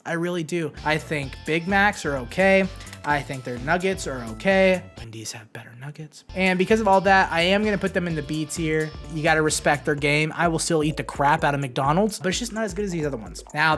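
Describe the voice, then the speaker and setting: A man ranking fast food in a casual vlog, brash and playfully combative, swinging between loud jabs and muttered asides. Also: fairly high pitch.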